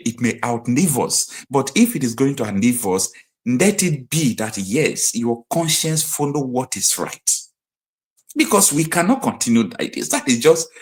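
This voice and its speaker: A man with a Nigerian accent hosting a live political commentary stream, emphatic and hammering his points home by repeating them. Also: mid-range voice. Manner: emphatic, repeats key phrases like a preacher.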